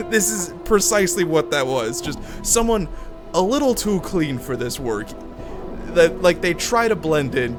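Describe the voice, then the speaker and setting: A young man streaming a game, chatting casually, swearing, laughing and drifting into tangents. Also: a little high. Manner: laughing, profane, rambling. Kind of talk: casual gameplay commentary.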